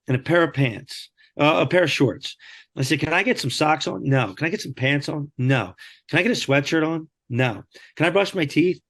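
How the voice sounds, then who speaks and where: A man, a podcast guest, telling a story animatedly and acting out quoted lines. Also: a little high. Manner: animated, acts out quoted dialogue. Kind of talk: storytelling in conversation.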